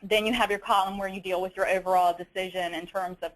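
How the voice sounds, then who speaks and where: A woman's voice: mid-range voice, fairly even intonation, fast, low-quality recording. A woman with a Southern US accent presenting a webinar, walking methodically through slides with frequent fillers and restarts.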